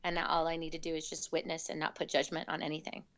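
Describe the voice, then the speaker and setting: A woman's voice: deep voice, fast. A woman who works at births, chatting casually and acting out the people in her stories. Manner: animated, acts out quotes. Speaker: birth worker. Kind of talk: casual storytelling chat.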